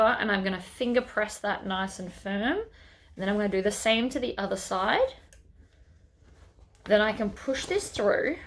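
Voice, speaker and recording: A woman's voice: mid-range voice, fairly bright tone. A woman hosting a sewing tutorial, chatting casually as she works through each step.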